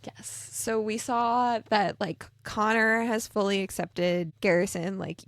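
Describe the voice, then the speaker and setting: Woman book-podcast host, casual and animated, mid pitch, dry close mic. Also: slow pace, few pauses, no echo. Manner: animated, acts out character quotes in lively voices.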